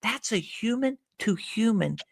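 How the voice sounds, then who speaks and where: A man speaking as a podcast guest, telling stories in an animated way and acting out little bits of dialogue. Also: high voice, measured pace, creaky, no room sound, studio quality. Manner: animated storyteller who acts out little dialogues. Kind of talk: conversational podcast interview.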